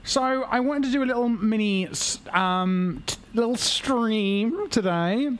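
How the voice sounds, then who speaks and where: A man's voice: high voice, measured pace, a bit bright, clear, resonant tone. A man chatting casually and playfully to his viewers while playing a game on a livestream. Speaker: streamer. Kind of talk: casual livestream gameplay chat.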